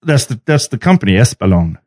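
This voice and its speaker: A man's voice: medium pitch, fast talker. A man in his forties co-hosting a comedy podcast, jokey, running segments in casual chat. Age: 40s. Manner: jokey, animated, runs the segments. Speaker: podcast co-host.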